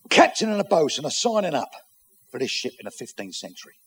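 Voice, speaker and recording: A man's voice: fairly high pitch, slightly rough. A man telling bawdy jokes to a live audience, swearing freely and acting out the characters. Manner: crude, swears often, acts out characters in loud voices and stammers. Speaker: stand-up comedian telling jokes.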